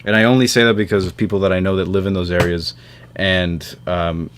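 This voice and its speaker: Casting: man from New York, low voice, loose sweary host, lots of ums, faint hiss behind. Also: flat delivery, fairly quick. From New York area. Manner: rambling, swears freely, many fillers. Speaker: podcast host. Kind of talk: casual chat over a call.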